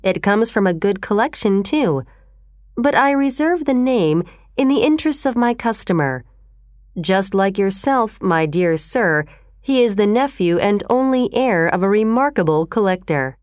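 A woman reading the part of a dry, sharp-voiced male shopkeeper who is impatient and mercenary. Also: mid-range voice, animated, measured pace, no room sound, natural voice. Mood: smooth salesman. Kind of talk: storybook reading.

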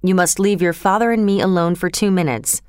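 A man's voice: high-pitched, brisk, clear, resonant tone, no room sound, clean studio sound, close to an everyday voice. A woman voicing an older male banker who speaks urgently and protectively.

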